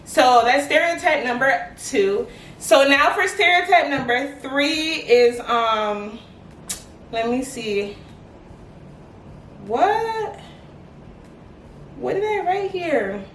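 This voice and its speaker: A young woman with a high, bright voice chats to her camera in an animated, rambling way, leaning on "like" as a filler. She sits back from the mic, so the room rings around her with a faint hum of ambience. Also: slow, pauses often. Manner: animated, chatty, many "like" fillers. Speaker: vlogger. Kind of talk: casual chat to camera. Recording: echoey room, mic at a distance.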